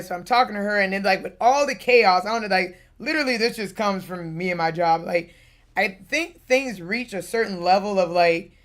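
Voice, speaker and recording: A young woman chats on her livestream, spinning a long story with lots of fillers and quick asides. Her voice sits in a middle range, easygoing and unpolished. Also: medium pitch. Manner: rambling, animated storytelling with many fillers. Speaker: streamer. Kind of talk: casual livestream chat.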